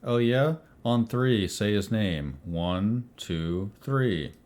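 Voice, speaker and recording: A man with a fairly low voice runs a tabletop game, narrating scenes and speaking for characters. His delivery is dry and sardonic. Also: animated, very slow, a little mellow. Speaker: game master.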